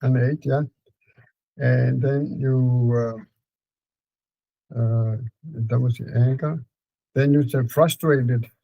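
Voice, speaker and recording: A man with a Danish accent calmly guiding a client through a therapy session, repeating prompts slowly. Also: medium pitch, creaky, no echo, muffled recording. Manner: calm, repetitive prompting with fillers.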